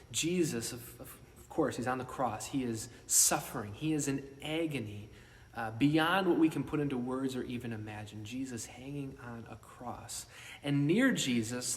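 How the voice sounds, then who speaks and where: A man giving a sermon as pastor, talking conversationally with restarts and sometimes dropping to a hushed whisper for emphasis. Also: mid-range voice. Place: church worship space. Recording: roomy long reverb, mic at a distance, faint ambience.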